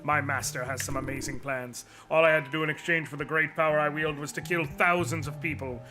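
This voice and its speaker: A man's voice: on the high side, steady tone, fairly quick. A man voicing a gloating evil knight. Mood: menacing. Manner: theatrical, gloating, swings to shouting rage. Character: arrogant villainous male knight, cruel and boastful. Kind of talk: dramatic reading of game dialogue. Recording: music behind the voice.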